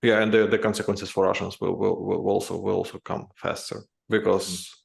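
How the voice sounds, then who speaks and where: A man co-hosting a podcast, talking politics in a halting way, full of restarts and fillers. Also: deep voice, level tone, gravelly. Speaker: podcast co-host. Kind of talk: casual political chat.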